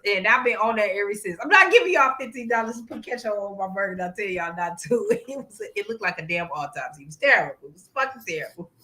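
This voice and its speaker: Bright-voiced woman telling a story. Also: mid-range voice. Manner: animated, laughing, swears freely. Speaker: co-host. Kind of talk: casual chat with storytelling.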